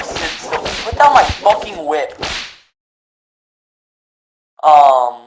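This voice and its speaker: A man's voice: a little high, a little hiss or hum, low-quality recording. A young man hosting a casual podcast, telling crude, rambling stories full of swearing. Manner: crude, rambling, profane storytelling. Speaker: podcast host. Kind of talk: casual gaming podcast chat.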